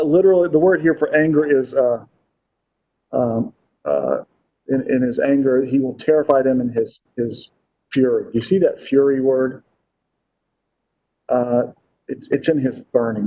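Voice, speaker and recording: A male pastor giving a Bible-teaching sermon in a warm, dark-toned voice at an ordinary pitch. He reads scripture aloud, unpacks what it means, and keeps asking his listeners rhetorical questions. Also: low-quality recording.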